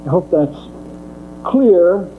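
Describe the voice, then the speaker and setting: High-voiced man giving a methodical lecture. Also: lively intonation, drawn-out words. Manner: methodical, repeats key points for emphasis. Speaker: Catholic lecturer. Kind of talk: theology lecture. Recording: tinny phone-like recording with mains hum.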